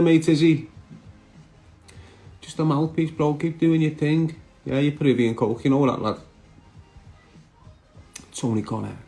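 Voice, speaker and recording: A man's voice: a little high, darkish tone. Brash man on a live stream. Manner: brash, chatty, reads out viewer comments. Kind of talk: casual live stream chat.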